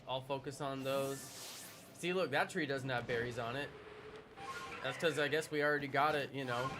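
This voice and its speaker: Playful, chatty man streaming a game. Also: a little high. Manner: chatty, playful, jokes with chat. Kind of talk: live-stream gameplay commentary. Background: game music.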